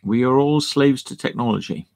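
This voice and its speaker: A man's voice: medium pitch, normal speed, vocal fry, darkish tone. A man rambling sardonically to camera, swearing freely as he goes. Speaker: video host. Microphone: camera mic.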